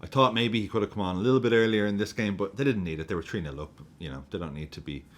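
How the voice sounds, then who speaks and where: Reacting to a football match, a low-voiced man swears freely and laughs with giddy excitement. He rants casually at his camera like a fan, and racing comes up too. He's an adult with a young daughter.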